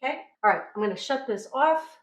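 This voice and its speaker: A middle-aged woman from New England, USA, hosts a casual cooking demonstration in her home kitchen, her high, expressive voice moving briskly. She's chatty and upbeat, often checking in with "right?", and the audio is poor and reverberant.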